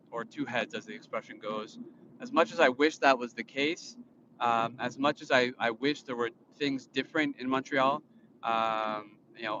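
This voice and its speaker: Rambling, indignant man vlogging from a car. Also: mid-range voice. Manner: rambling, with many fillers and restarts; indignant, lecturing tone. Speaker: vlogger and father. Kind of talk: casual vlog monologue. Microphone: phone filming himself. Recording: muffled, with road noise. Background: vehicle noise.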